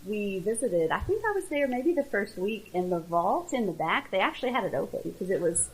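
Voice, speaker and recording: A woman's voice: medium pitch, sing-song, fairly quick, slightly rough, poor audio. A woman co-hosting a church podcast, chatting in a friendly, talkative way. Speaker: podcast co-host. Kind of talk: casual chat.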